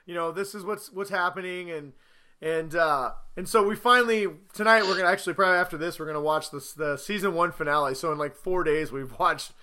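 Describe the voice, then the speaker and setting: A man in his thirties co-hosting a casual podcast, telling a story with lively quoted voices. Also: fairly high pitch, brisk. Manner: animated storyteller, acts out quotes loudly. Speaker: podcast co-host. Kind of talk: casual chat.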